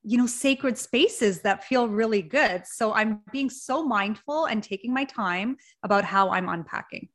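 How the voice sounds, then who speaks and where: A woman's voice: a little high, unhurried, hardly any pauses, a bit bright. A woman from Canada, a podcast guest, chatting in a giggly, upbeat way. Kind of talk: casual interview chat.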